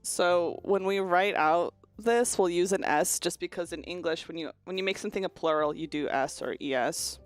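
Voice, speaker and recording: A woman's voice: fairly low pitch, moderate pace, few pauses, soft background music. A young woman casually chatting on a stream, explaining pronunciation through demonstrations and swearing freely. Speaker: virtual streamer. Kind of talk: casual chat stream about linguistics.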